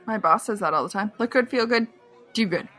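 A woman's voice: medium pitch, a little fast, fairly bright tone, faint music behind. A woman playing a tabletop game, giggly and teasing. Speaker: player. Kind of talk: casual chat at a game table.

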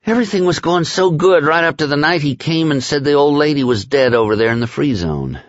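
A man reading an audiobook puts on a crude, boozy henchman with a raised, lively voice that rambles and curses in folksy slang. His delivery swings around a lot, and the recording is dry and a little dull. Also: fairly high pitch, fairly quick, no echo, voice pushed up, natural voice. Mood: griping.

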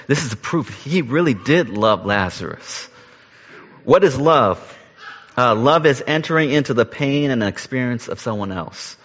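Male pastor, earnest sermon delivery, muffled recording in a big reverberant room. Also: mid-range voice. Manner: earnest, rises to emphasis then drops soft.

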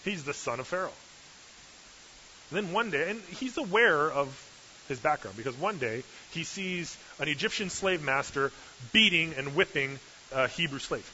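A man's voice: a little high, expressive, normal speed, pushed and bright. A male preacher giving a sermon with humorous, sarcastic asides, in a dull lo-fi recording with hiss.

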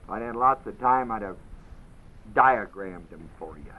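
A man's voice: fairly low pitch, phone-quality sound. A man teaching a Bible class. He reads verses with heavy emphasis and keeps putting questions to his listeners.

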